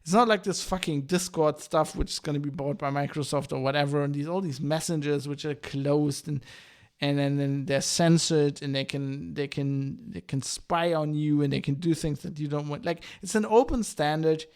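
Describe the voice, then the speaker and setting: Podcast host, male, higher-pitched voice, swearing, exasperated tech rant full of restarts. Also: fairly even intonation, normal speed, darkish tone. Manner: profane, exasperated, many restarts and "like" fillers. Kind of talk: ranting podcast monologue.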